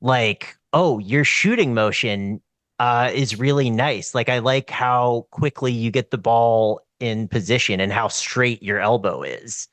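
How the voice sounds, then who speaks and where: A man from the American South in casual chat, telling stories in a relaxed, drawn-out way. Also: medium pitch, no echo.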